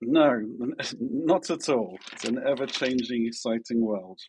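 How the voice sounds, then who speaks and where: A man's voice: medium pitch, expressive, a little slow, a little mellow, slight background noise, low-quality recording. A man with a British accent, a security expert guest on a podcast, talking in a wry, self-deprecating way. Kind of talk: casual podcast chat.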